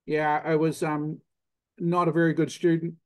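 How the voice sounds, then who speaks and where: A man's voice: on the high side, little pitch movement, moderate pace. An older man from New Zealand with a New Zealand accent, a cheese consultant guest explaining technical matters in a plainspoken, self-deprecating way. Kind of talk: technical interview talk.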